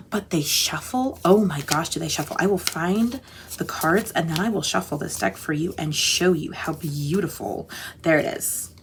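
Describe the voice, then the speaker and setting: Woman, lowish voice, gushing, chatty, rambling, faint room hiss. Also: unhurried. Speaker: tarot channel host. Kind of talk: casual chat.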